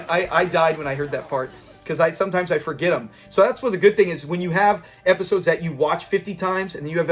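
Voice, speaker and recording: A man hosting a review channel, casually recapping a sitcom episode, animated and acting out the characters' lines with bursts of laughter. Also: on the high side. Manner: animated, acts out quoted lines and laughs while retelling.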